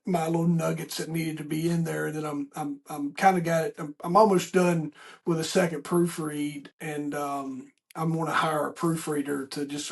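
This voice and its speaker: A middle-aged male podcast host with a gravelly, slightly high voice. He talks in a folksy, rambling way, doubling back on his words as he chats with a guest. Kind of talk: casual interview chat.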